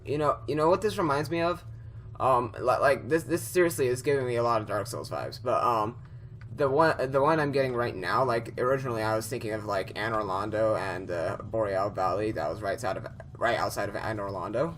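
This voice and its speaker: A man's voice: mid-range voice, brisk, fairly bright tone, a little hiss or hum. A young man commentating a horror game he is playing, rambling with lots of fillers and restarts, easily startled. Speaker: gameplay commentator.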